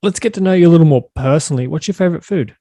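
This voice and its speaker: A man hosting a podcast, asking questions in a relaxed, casual way. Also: a little high, no echo, studio quality. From Australia. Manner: relaxed, quick quiz-style questions. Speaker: podcast host. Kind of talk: casual interview chat.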